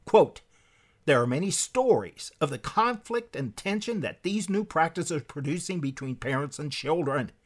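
A man delivering an impassioned sermon-style lecture, emphatic, with sharp swings in pitch and loudness, reading quotes aloud from a book. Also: lively intonation, normal speed.

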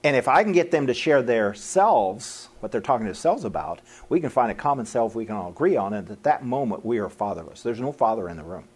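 A middle-aged man preaches in a folksy, conversational way, chuckling at his own remarks and putting on quick voices for quoted people. His husky voice swoops up and down with lively pitch. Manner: folksy and animated, laughing at his own lines and acting out quotes. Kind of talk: sermon to a live audience.

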